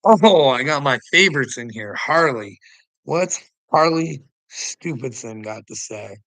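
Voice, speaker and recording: Male vlogger, gravelly and bright-edged, preachy and taunting, rambling monologue, dry close mic. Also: medium pitch, animated, unhurried, no room sound, poor audio. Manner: preachy and taunting, jumps between topics, laughs to himself. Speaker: vlogger answering commenters. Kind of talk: casual rambling monologue to viewers.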